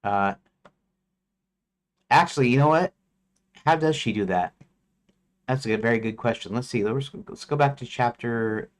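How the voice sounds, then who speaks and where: Low-voiced man thinking aloud. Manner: hesitant, many fillers and restarts, self-questioning. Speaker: game developer streamer. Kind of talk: livestream, thinking aloud and reading story notes.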